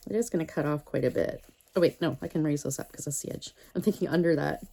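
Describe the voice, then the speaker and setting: A chatty woman talks through a crafting session, wandering from story to story and muttering to herself as she tapes things down. Her voice sits a little low, with a gravelly edge and a mellow, dark tone. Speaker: crafting video host. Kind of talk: casual chat while crafting.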